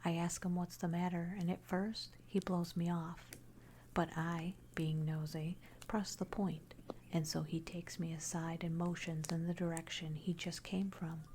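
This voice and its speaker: A woman narrating a first-person horror story in a hushed, unvoiced whisper throughout. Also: on the low side, level tone, unhurried, slight background noise.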